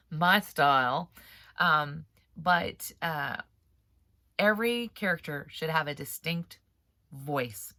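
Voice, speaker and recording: A rambling, chatty woman giving writing advice in a relaxed vlog, laughing often between thoughts. Her voice sits low but has a bright, forceful edge. The sound is close and dry, and she's a bit stuffed up from allergies. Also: dry recording. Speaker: author and writing coach host.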